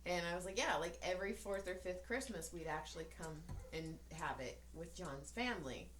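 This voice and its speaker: A woman in her thirties with a fairly low voice chats on a podcast, telling stories with lots of laughter and playful voiced quotes. The room echoes around her, with a faint hum of ambience behind. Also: moderate pace. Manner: laughs often, animated storytelling with voiced quotes. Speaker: podcast co-host. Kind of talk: casual chat. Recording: roomy echo, faint ambience.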